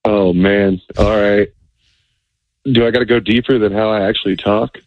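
Low-voiced male caller over a dull line. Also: steady tone, normal speed, no room sound. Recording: dull phone-line sound.

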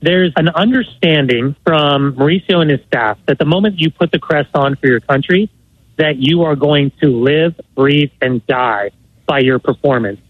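A man's voice: a little high, normal speed, no echo. A man giving fluent, articulate soccer analysis over a tinny, phone-like line. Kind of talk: sports analysis.

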